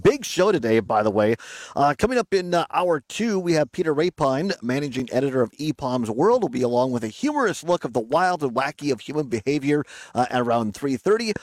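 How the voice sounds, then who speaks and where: A man's voice: mid-range voice, no echo. A man hosting a casual radio talk show outdoors by a lake, upbeat and chatty, laughing easily.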